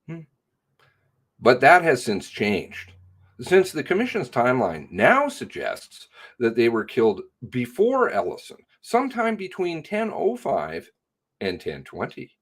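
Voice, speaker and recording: Slow, husky man with sarcastic asides. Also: medium pitch, huge pitch swings. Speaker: commentator. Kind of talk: reading and commenting on news reports.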